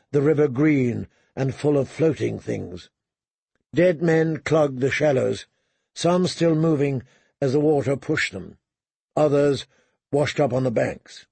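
A man narrates a story in a steady, measured reading. His voice is gravelly and a little husky, fairly high for a man. The recording is close and dry. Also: no room sound. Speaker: audiobook narrator. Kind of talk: scripted narration.

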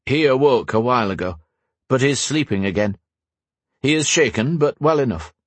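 A man's voice: medium pitch, lively intonation, moderate pace, dry recording, lightly acted. A man voicing a loyal knight, formal and courteous in speech. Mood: tender.

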